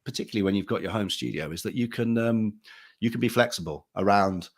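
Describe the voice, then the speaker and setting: A fast-talking man with a fairly low-pitched voice sits on a panel, where the actor and audiobook narrator swaps relaxed anecdotes. His speech is conversational and full of restarts.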